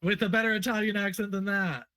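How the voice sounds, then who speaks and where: A man's voice: high-pitched, fairly even intonation, fast talker, sharp tone, no room sound. A man, a drag performer competing in an online game show, bubbly and self-mocking in casual banter over a video call.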